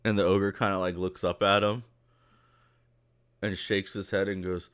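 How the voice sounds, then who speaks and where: A man's voice: low-pitched, flat delivery, moderate pace, long pauses, fairly bright tone, clear, resonant tone. A man narrating a tabletop game as game master, loose and conversational with many fillers.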